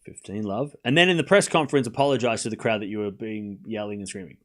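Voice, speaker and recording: A man's voice: lowish voice, fairly quick, a bit bright. A man hosting a live tennis watchalong stream, rambling casually with lots of "you know" and restarts. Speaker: host.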